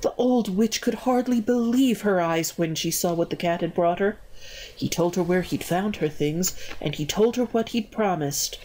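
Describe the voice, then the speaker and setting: An older woman reading a picture book aloud, slow and expressive. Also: fairly low pitch, a little hiss or hum. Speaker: storybook reader.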